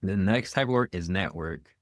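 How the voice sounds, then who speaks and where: A man hosts a podcast interview, and his voice sits low. He announces each next point calmly and evenly. The recording is dry, with no room echo. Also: normal speed. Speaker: podcast host. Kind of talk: interview hosting.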